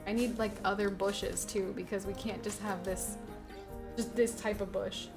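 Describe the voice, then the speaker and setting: A woman with a mid-range voice streams a game live, chatty and playful. She scolds and pleads with the game animals and laughs at herself, with clear game music running underneath. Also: mid-range voice, steady tone, moderate pace. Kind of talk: live gameplay stream commentary.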